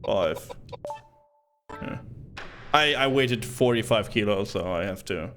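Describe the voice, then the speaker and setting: A man's voice: lowish voice, animated, slow pace, fairly bright tone, soft background music. A man streaming a retro game, reading the on-screen text aloud and cracking joking asides in casual commentary.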